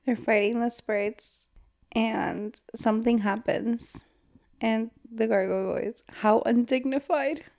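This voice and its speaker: A woman co-hosting a casual book podcast, animated and laughing often. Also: fairly high pitch, slow pace, vocal fry. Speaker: podcast co-host.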